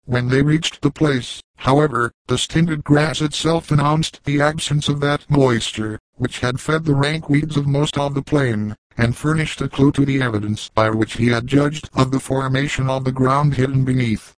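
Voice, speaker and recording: A man narrating a classic novel in an even, formal reading style. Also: medium pitch, moderate pace, few pauses, dry recording, low-quality recording. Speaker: audiobook narrator.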